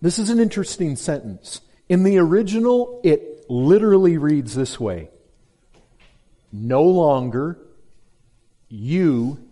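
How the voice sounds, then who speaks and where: A man preaching an expository sermon to a congregation, emphatic and direct, repeating key words and dropping low and slow for stress. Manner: emphatic, swings between loud stress and low slow drops. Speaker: pastor.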